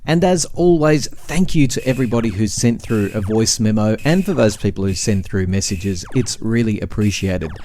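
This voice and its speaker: A man's voice: on the low side, lively intonation, moderate pace, hardly any pauses, mellow, slight background noise. A man with an Australian accent hosting a podcast, chatty and jokey, laughing often. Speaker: podcast host. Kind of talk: casual chat.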